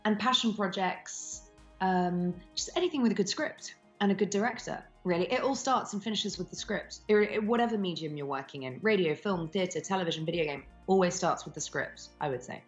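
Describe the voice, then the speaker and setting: A woman's voice: on the low side, brisk, highs cut off, faint music behind. A woman in her thirties, an actress talking candidly in an interview, frank and swearing freely between ums. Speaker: actress and voice actor guest.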